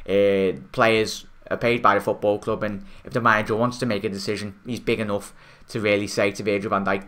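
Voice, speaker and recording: A man's voice: fairly low pitch, level tone, fairly quick, fairly bright tone. A young man with a Scouse accent hosting a casual football fan stream, rambling and chatty with lots of fillers, reading out viewer comments. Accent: Liverpool Scouse. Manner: chatty, rambling, many fillers and restarts, calls viewers mate. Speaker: football fan channel host.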